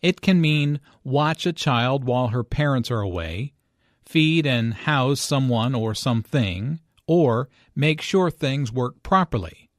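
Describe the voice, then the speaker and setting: Slow, deliberate man teaching English. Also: mid-range voice, animated, dry recording, studio quality. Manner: slow, careful, clearly enunciated delivery. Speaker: English teacher and dialogue reader. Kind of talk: scripted language lesson narration.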